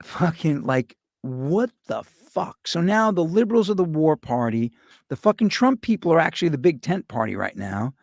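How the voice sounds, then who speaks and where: A man's voice: a little high, big pitch swings, normal speed, vocal fry, no echo, studio quality. A middle-aged man, hosting a show with a rambling, profane, sarcastic comedic rant. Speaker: podcast host.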